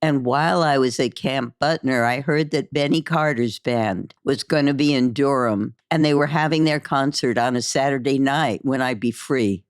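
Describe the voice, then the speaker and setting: A woman narrating a memoir in the first person, slow and measured, in audiobook style. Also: very deep voice, clean tone, no room sound, studio quality.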